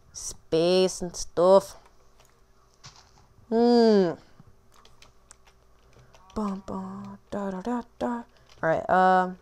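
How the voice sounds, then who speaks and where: A woman hosting a gaming channel, rambling and self-mocking through casual gameplay commentary. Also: mid-range voice.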